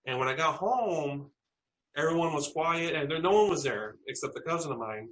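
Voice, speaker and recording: Bright-voiced man telling eerie stories. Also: on the high side, lively intonation, rough recording. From South Texas. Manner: earnest, halting storytelling with restarts. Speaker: interview guest. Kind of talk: telling personal stories in a podcast interview.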